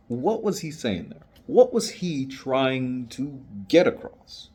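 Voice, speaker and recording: A man's voice: mid-range voice, very animated, darkish tone, breathy edge. A man hosting a poetry video, reading a poem earnestly and then explaining it in loose, casual words. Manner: earnest, deliberate, loose and colloquial when explaining. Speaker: poetry channel host.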